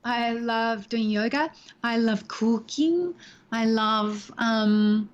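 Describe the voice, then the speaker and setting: A middle-aged woman, a guest actress, telling stories in a chatty, animated way in a casual interview from home. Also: a little high, slow pace. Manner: chatty, animated storyteller, laughs easily. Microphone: home video call. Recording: dull lo-fi call audio.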